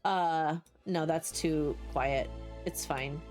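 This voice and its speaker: A woman with a New Jersey accent streams a game, chatting casually with her viewers, swearing, talking a lot, and restarting often. Her deep voice is a little mellow with drawn-out words. Soft music plays in the background.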